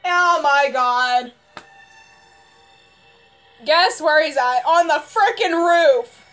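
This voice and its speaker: A young woman commenting on her gameplay, panicking and yelling, her voice strained hoarse from screaming. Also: high-pitched, drawn-out words, soft background music. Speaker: gamer.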